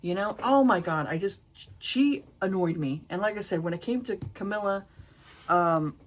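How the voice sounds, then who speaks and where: Woman, middle-aged, casual book review, blunt, exasperated, cusses freely, average pitch. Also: lively intonation, normal speed. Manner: frank, exasperated and profane.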